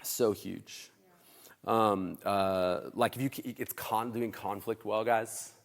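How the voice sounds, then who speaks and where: A man preaching as a pastor, telling stories in a chatty, animated way and acting out the dialogue. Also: fairly low pitch, slow, gravelly, in a large hall. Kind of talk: sermon storytelling. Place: church hall.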